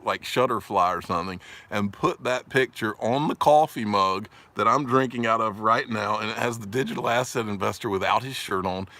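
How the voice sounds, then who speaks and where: A man's voice: medium pitch, sharp tone. A man with a Southern US accent hosting a casual livestream, rambling, joking, laughing often and reading viewer comments aloud. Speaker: livestream host.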